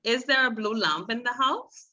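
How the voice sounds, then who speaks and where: A woman's voice: fairly high pitch, animated, normal speed, bright, forceful tone, lo-fi sound. A woman teaching a beginner Spanish class, explaining patiently step by step and calling on students.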